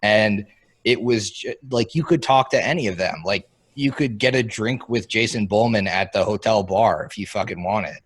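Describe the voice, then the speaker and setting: A man's voice: fairly low pitch, normal speed, husky. A man in a casual chat among game masters, rambling with lots of filler words and laughing often. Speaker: podcast co-host.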